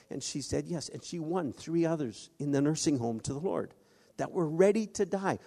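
A man's voice: a little high, dark tone. Preacher man in an echoing hall. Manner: halting, with many restarts and quoted voices. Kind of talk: sermon. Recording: long hall reverb.

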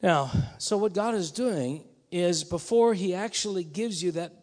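A man's voice: high voice, measured pace, a little mellow. A man preaching a sermon in a conversational, musing way that rises to emphatic bursts. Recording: long hall reverb.

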